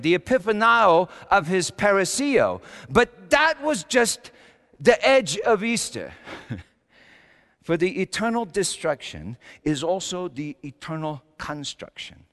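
Male preacher as Paul, repentant and fiery, stammering restarts, murmurs rising to shouts, high voice, long church reverb. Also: exaggerated voice. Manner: swings from low murmurs to shouted peaks; stammering restarts and repeated words. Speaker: church speaker in character. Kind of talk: dramatic first-person sermon monologue.

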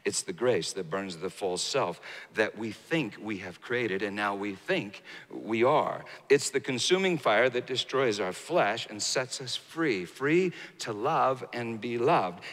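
A man preaching a sermon, telling a story with emphatic rises and hushed, slow passages. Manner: storytelling, swinging from raised emphatic bursts to hushed, low, slow delivery. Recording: hall reverb.

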